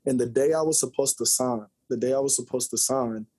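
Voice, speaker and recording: A man in his forties, a former college basketball player, telling lively, joking stories as a podcast guest. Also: medium pitch, a little fast, husky. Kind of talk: storytelling interview chat.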